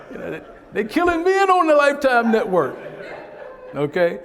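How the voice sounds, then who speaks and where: A man leading a workshop, lecturing in a conversational, animated way with frequent laughs, recorded in an echoey hall. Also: extremely high pitch. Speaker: workshop presenter. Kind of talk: lecture with storytelling.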